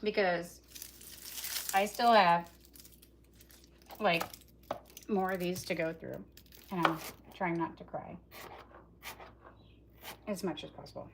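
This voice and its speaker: A woman chats away to her viewers during a live cook-along in her home kitchen, rambling from one aside to the next. Her voice has a gravelly, fry-edged texture. Loud chopping and kitchen clatter run under her talk. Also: lowish voice, takes it slowly, pauses often, background noise. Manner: rambling, chatty, talks straight to viewers. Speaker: cooking vlogger. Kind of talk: casual live cooking chat.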